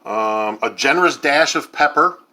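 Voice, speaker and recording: Bright-voiced man in his fifties, rambling. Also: mid-range voice, animated, moderate pace. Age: 50s. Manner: rambling, many ums and uhs. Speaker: home cook host. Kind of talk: casual cooking vlog.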